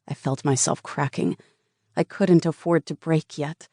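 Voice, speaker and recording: A woman's voice: low voice, steady tone, a little slow, dark tone, dry recording, studio quality. A woman narrating a first-person romance audiobook in an earnest, intimate way.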